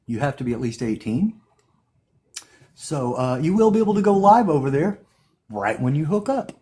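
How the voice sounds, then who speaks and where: A man's voice: on the high side, big pitch swings, normal speed, darkish tone. Laid-back man with playful slang. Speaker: livestream co-host. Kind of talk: casual livestream chat.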